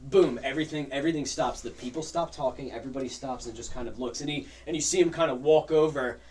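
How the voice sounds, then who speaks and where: A man narrating as game master of a tabletop game, lively and full of character voices. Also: medium pitch, fast, distant mic. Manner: animated, jumps into character voices.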